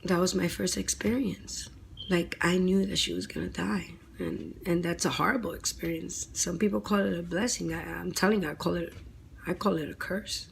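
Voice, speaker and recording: A woman with a slightly low voice recounts a personal experience to her viewers in a chatty, earnest way. She leans on "you know" and "right?", and she goes quiet and hushed at the grim parts. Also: steady tone, normal speed, vocal fry, a little hiss or hum. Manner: earnest, dramatic, drops to a hushed near-whisper at grim moments. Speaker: vlogger telling personal stories. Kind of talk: casual storytime monologue.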